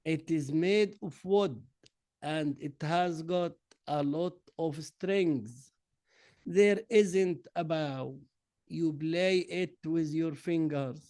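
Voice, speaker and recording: A native Arabic speaker with an Egyptian accent, this man teaches from an English workbook, slowly drilling each answer word by word. His voice is a little high and a little mellow, and the recording is dry.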